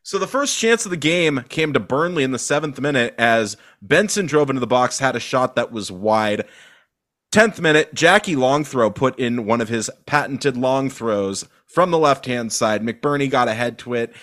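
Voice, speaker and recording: A man in casual conversation on a football podcast, loose and animated with plenty of fillers. His voice sits at an everyday middle pitch. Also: moderate pace. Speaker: podcast co-host.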